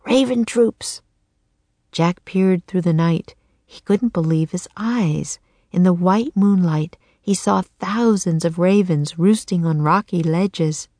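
A woman's voice: lowish voice, mellow, no room sound. Woman reading a children's audiobook. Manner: clear, measured storytelling. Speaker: audiobook narrator.

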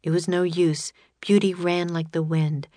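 A woman's voice: fairly low pitch, fairly even intonation, a little slow, warm tone, no room sound. Woman reading a children's storybook. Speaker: audiobook narrator. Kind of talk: scripted storybook narration.

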